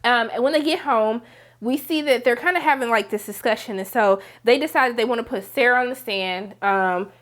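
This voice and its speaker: A woman hosting a casual TV episode recap, talking straight to viewers in an animated, slangy, dramatic way. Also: on the high side, moderate pace. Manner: animated, dramatic, acts out characters in quotes; slangy, emphatic, talks to viewers. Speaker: TV recap host.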